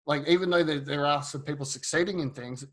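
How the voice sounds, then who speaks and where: A man hosting a podcast interview, relaxed and agreeable, often restarting his sentences. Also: a little high, fast. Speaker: podcast host.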